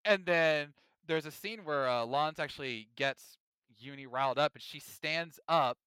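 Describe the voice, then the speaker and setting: A man in casual podcast chat, his voice bright and forceful, crisp and smooth. He rambles and restarts his sentences, full of fillers, and gets animated as he goes. The sound is dry and close. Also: a little high, unhurried, dry recording. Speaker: podcast co-host.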